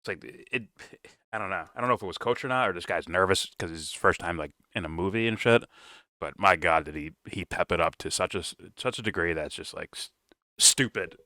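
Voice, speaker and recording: Deep-voiced man, mocking casual banter. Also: a little fast, bright, forceful tone, no room sound, clean studio sound. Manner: mocking, laughing, acts out exaggerated quotes. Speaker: co-host reacting to reviews.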